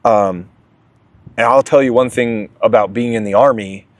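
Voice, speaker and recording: A man's voice: mid-range voice, normal speed, dry recording. A young man sharing his recovery story in a candid, emotional way as an interview guest. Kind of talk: candid testimony.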